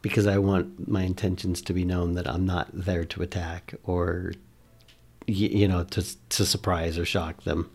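Very deep, gravelly-voiced man playing a tabletop game. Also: little pitch movement, unhurried, a little mellow. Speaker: player.

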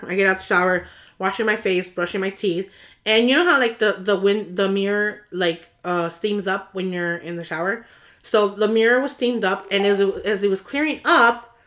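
A woman's voice: mid-range voice, pushed and bright. A young woman telling a story in casual conversation, rambling with restarts and acting out the frantic moments. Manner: rambling with many restarts, acts out screaming quotes.

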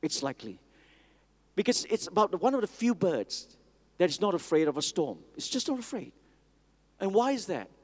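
A man's voice: high voice, very animated, normal speed, pauses often. A man preaching a sermon, emphatic and repetitive, calling on the congregation to answer back. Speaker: pastor. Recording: long reverb of a large hall.

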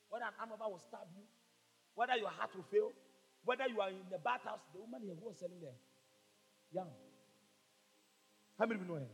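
A man preaching a fervent sermon, rising to shouts. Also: high-pitched, long reverb tail, low-quality recording. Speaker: pastor.

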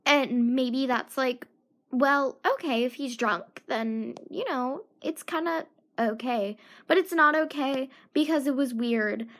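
A woman's voice: high voice, takes it slowly, a bit bright. A teenage girl talking casually in a solo podcast, chatty and self-mocking, turning indignant when riled up.

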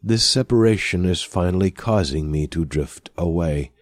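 A man reading a science fiction story aloud as narrator in a slow, even storytelling manner. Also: deep voice, dry recording. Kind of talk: scripted audiobook narration.

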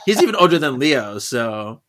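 A woman co-hosts a casual podcast and recaps a comic book issue. She giggles often and slips into quick voices for the characters. Her delivery is loose and chatty. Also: rumbling low, very animated. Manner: giggly, breaks into laughter, acts out quoted lines. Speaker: podcast co-host. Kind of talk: casual recap of a comic, reading lines aloud.

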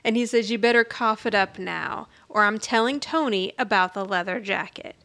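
Speaking at normal speed in a mid-range voice, a podcast co-host recounts a sitcom episode casually. She performs the characters' lines in an animated way, laughing lightly as she goes.

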